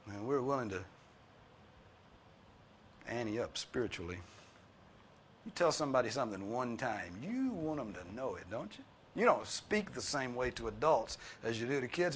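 A man preaching a sermon, earnest and pleading, repeating his points for emphasis and swinging from soft, low tones to loud, high ones. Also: big pitch swings, normal speed, pauses often, breathy edge. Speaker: pastor.

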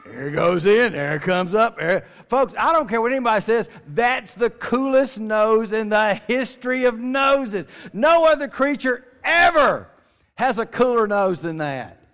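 A speaker at a creation ministry gives a folksy, joking talk to a family audience in a high, animated, somewhat bright voice at a measured pace. He stretches words for emphasis, and a large hall's long reverb surrounds him.

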